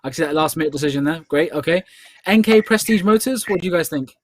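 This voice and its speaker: A man's voice: a little high, fast, no echo. A man with a British accent hosting a live online charity quiz, upbeat and full of playful ad-libbed asides. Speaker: quiz host.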